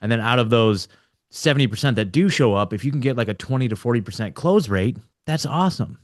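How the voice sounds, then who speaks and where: A man's voice: mid-range voice, animated, quick pace. A young adult man hosting a casual roundtable chat, rambling with frequent restarts, often saying like and dude. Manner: rambling, laughing, restarts a lot. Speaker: podcast host.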